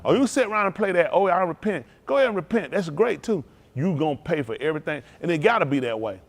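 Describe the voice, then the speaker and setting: A man preaching a sermon, rousing and conversational, swinging between loud calls and hushed asides. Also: fairly high pitch, sing-song, fast. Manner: rousing call-and-response preaching, Southern Black church cadence. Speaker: pastor.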